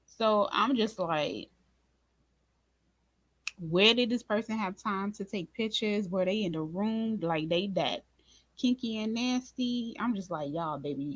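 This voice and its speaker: A woman hosting a casual recap of a drama episode, speaking to viewers in an informal, expressive way and acting out her own reactions. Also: medium pitch, moderate pace, no echo. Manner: animated, talks to viewers as "y'all" and "baby"; acts out her own reactions in quoted asides. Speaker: reaction channel host.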